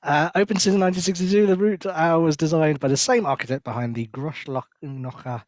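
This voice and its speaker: A man's voice: a little high, steady tone, brisk, no echo. A man co-hosting a casual chat show, reading hesitantly with frequent fillers and chatting about travel. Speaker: podcast co-host.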